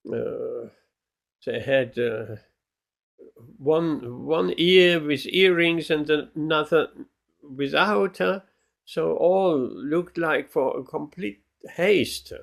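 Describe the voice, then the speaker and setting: A man, a spiritual teacher, telling a devotional story in a lecture, with many pauses and fillers. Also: fairly high pitch, vocal fry.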